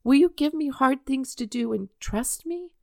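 Young boy voice, high, emotional, slight rasp, a woman reading it aloud. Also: lively intonation, moderate pace, mellow, no echo, studio quality. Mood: pleading. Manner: high, tearful, pleading.

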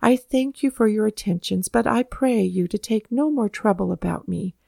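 A woman voicing a dying elderly man who speaks calmly and with resignation, in a quiet, steady read-aloud manner. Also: mid-range voice, moderate pace, creaky, no room sound, studio quality. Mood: resigned.

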